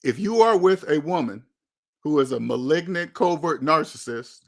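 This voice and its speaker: A man with a slightly raised pitch, speaking to camera on his own channel. He gives candid relationship advice in a blunt, emphatic way and leans on repetition to drive each point home. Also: animated, moderate pace, creaky. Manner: blunt, emphatic, repeats phrases for stress. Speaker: channel host.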